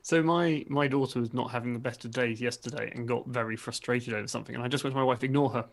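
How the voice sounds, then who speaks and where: A man telling a relaxed story during a casual chat from home over a video call. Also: medium pitch, quick pace, creaky.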